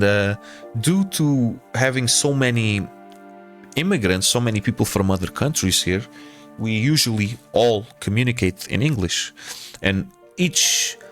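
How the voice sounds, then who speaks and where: Portuguese guy streaming, kinda low voice, chill, says brother a lot, faint game music behind. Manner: relaxed, repeats phrases, calls viewers brother and man. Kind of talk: casual chat with viewers.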